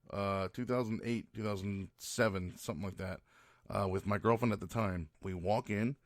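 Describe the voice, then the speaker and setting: A podcast host rants in a loose, profane monologue, stumbling over restarts as he goes. His voice sits low and sounds dry and close. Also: dry recording. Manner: ranting, profane, rambling with restarts. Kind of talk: casual monologue.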